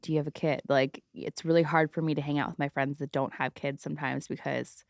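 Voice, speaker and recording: Mom podcast host, 30s, blunt chatty, laughs a lot, lowish voice, dry mic. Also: female voice, little pitch movement, a little fast, gravelly, no room sound. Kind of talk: casual chat.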